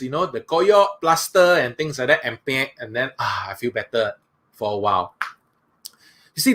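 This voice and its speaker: A man, a workshop speaker leading a guided breathing exercise in a slow, soothing way, often saying "that's right". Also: medium pitch, fairly bright tone.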